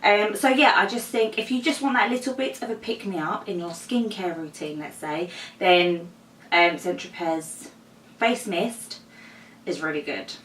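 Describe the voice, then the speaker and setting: A woman's voice: fairly low pitch, unhurried, fairly bright tone, slight background noise. A young woman, heavily pregnant and a little out of breath, chatting casually to camera in a vlog with lots of ums and likes. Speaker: vlogger. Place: home room, mower outside. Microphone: camera mic. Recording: echoey room, camera a bit far.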